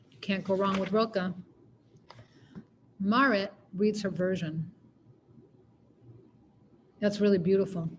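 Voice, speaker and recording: A woman's voice: medium pitch, darkish tone, slight background noise. A woman poet giving a poetry reading, narrating in a wry, conversational way. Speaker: poet reading her work.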